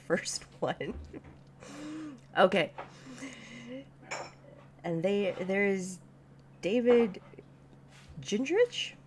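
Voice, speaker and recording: A woman's voice: low voice, creaky, a little hiss or hum. A woman co-hosting a livestream, chatting casually and rambling with many restarts. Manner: rambling, restarting thoughts, filler-heavy. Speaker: channel co-host on a livestream. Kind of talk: casual chat.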